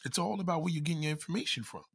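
Man, husky, lively up-and-down pitch, profane comedic rant, acts out other voices. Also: rapid-fire. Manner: animated, swears constantly, acts out quoted voices.

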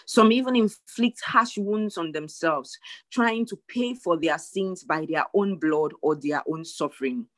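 A woman's voice: on the low side, a little slow, dry recording. A woman pastor preaching a sermon, earnest and emphatic, repeating her key phrases.

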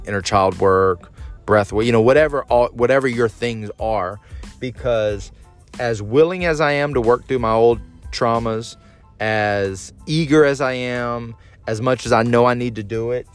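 A man's voice: lowish voice, steady tone, moderate pace, smooth, soft background music. A man in his thirties hosting a solo podcast, talking candidly and critically about himself, and now and then acting out his own angry outbursts. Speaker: podcast host.

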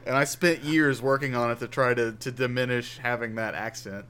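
An easygoing man of middle pitch co-hosting a casual podcast. He tells personal stories in a relaxed way and swears freely. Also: normal speed, slight background noise. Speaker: podcast co-host. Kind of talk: casual chat.

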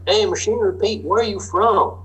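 A man's voice: high voice, a little fast, fairly bright tone, husky, pitched above the performer's own voice, full character voice, poor audio. A man doing an impression of a folksy good old boy farmer with a Southern US drawl. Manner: drawling, chatty.

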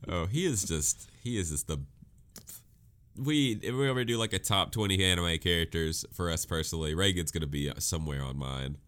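A man's voice: low voice, animated, moderate pace, fairly bright tone. A man co-hosting a casual chat, talking animatedly, acting out quoted voices and laughing often. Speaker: podcast co-host.

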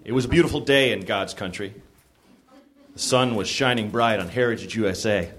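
A man's voice: on the low side, a little fast, fairly bright tone. A man comedian reading a raunchy story aloud to a live theater audience, stumbling and laughing now and then. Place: small theater stage.

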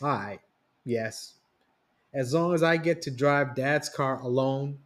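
A man's voice: mid-range voice, slow, a bit bright. A man reading a story voices a young man, blunt and grudging with his family.

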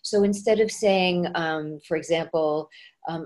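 Animated woman coaching accents, lower voice. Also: unhurried. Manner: animated, acts out voices when giving examples. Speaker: dialect coach and actress, guest. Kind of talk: casual interview chat.

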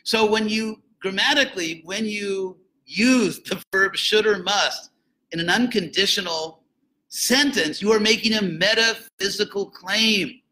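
Bright, lively man lecturing with jokey asides. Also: sits high, a little slow, low-quality recording. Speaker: lecturer on philosophy and religion. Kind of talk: informal lecture.

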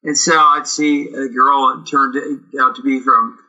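A middle-aged man from Canada tells stories in an interview, his voice very bright and forward. He acts out the quoted lines as he goes. The sound is a little dull and lo-fi. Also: medium pitch, unhurried. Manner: animated, acts out quoted dialogue. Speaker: actor, guest. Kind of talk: casual storytelling interview.

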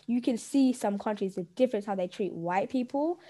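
A woman's voice: on the high side, brisk, dark tone. A young woman, co-hosting a podcast in a casual way with slang and fillers. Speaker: podcast co-host. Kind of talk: casual chat.

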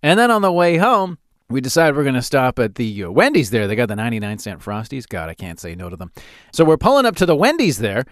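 Animated man telling stories. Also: mid-range voice, fast talker, dry recording, studio quality. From Calgary, Canada. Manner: animated, laughs often at his own stories. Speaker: podcast host. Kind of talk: solo comedic storytelling podcast.

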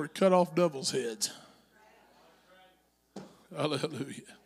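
Gravelly high-voiced preaching man. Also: unhurried. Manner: builds from conversational storytelling to shouted exhortation. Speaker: pastor. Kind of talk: Pentecostal-style preaching. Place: church sanctuary.

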